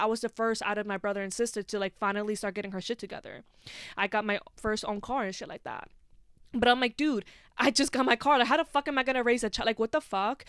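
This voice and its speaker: On a podcast, a young woman host tells a personal story in casual chat, packing it with "like" and swearing freely. Her voice is on the high side and smooth, with clean, echo-free studio quality.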